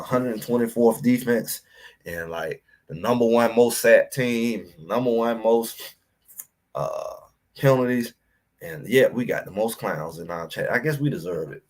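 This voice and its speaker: A man hosting a livestream and ranting about college football, addressing his chat directly in an animated, preachy way. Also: mid-range voice, unhurried. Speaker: sports talk host. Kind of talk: livestream sports commentary.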